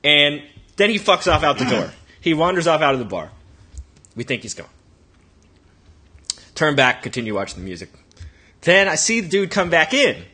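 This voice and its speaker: Husky, lively man telling a story. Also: fairly high pitch, normal speed, long pauses. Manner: rambling, profane anecdote-telling. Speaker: podcast co-host. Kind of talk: casual podcast storytelling.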